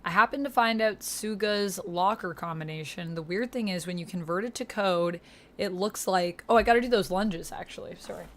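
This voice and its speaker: A woman's voice: mid-range voice, moderate pace, a bit bright. A woman livestreamer in casual chat with her viewers, upbeat, thanking them and reading chat aloud into a desk streaming mic.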